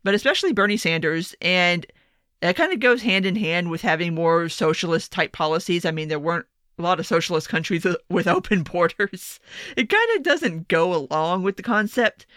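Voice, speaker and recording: A woman's voice: on the low side, animated, normal speed, a bit bright, no room sound, studio quality. A woman giving casual political commentary, sarcastic and profane, often exasperated.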